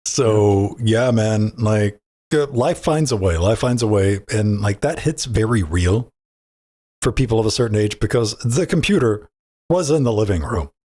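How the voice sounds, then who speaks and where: Husky, low-voiced man chatting loosely. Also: expressive, unhurried, dark tone. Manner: rambling, swears casually, restarts a lot. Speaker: podcast co-host. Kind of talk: casual podcast banter.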